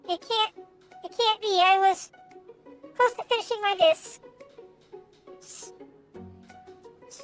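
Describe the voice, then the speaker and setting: Very high-pitched animated young woman streamer. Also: slow pace, pauses often, soft background music, low-quality recording. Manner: animated, reads lines aloud with stumbles and excited outbursts. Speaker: VTuber streamer. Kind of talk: reading a game's text aloud with commentary.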